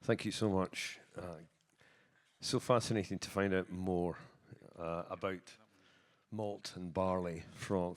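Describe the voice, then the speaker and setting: A man acts as moderator in a conference hall and introduces the next speaker. His voice is fairly low. He keeps pausing on filler sounds as he talks. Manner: hesitant, frequent filler sounds. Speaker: session moderator.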